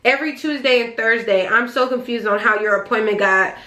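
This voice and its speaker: Animated young woman telling a story. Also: fairly high pitch, brisk. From California, Bay Area region. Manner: animated, swearing, exasperated retelling. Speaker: vlogger. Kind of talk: casual storytime. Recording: echoey room.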